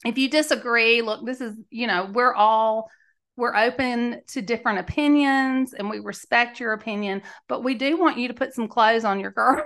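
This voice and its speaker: A woman's voice: a little high, moderate pace, a bit bright. A woman, hosting a podcast and telling candid stories in a chatty, emphatic way. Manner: chatty, emphatic, laughs mid-sentence. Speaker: podcast host. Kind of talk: candid storytelling monologue.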